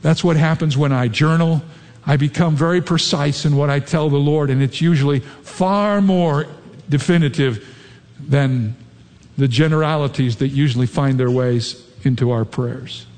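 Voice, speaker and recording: A man's voice: on the high side, moderate pace, a little mellow. A man preaching a sermon as a pastor. He talks earnestly and acts out sample prayers. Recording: long echo of a large hall.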